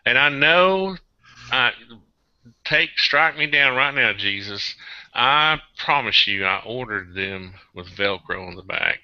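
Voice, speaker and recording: A man's voice: slow pace, clean tone, dry recording, dull audio. Tired, rambling man on a web call. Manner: excitable, rambling, swings into high-pitched outbursts. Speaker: host of an online hangout. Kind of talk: casual group video chat.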